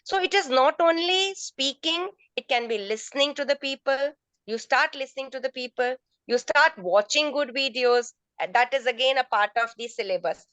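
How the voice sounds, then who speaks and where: A woman's voice: high-pitched, normal speed, a bit bright, dry recording, low-quality recording. A woman answering teachers' questions in an online training session, explaining step by step and often restarting her phrases. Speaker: resource person, teacher trainer. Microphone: video call.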